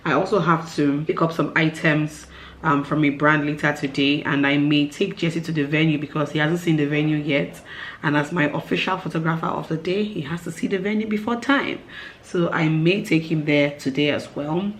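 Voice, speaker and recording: A woman's voice: low voice, fairly even intonation, normal speed, slight background noise. A woman in her thirties talking casually to camera as a vlogger, chatty and upbeat, with frequent um fillers. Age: 30s. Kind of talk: casual vlog chat to camera.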